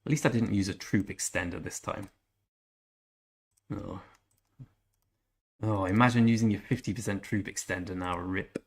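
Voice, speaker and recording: A man's voice: deep voice, steady tone, normal speed, creaky, pauses often, husky. A young man giving casual, jokey commentary while live-streaming a strategy game and chatting with viewers. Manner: chatty, jokey, reads out chat messages. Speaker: gaming streamer.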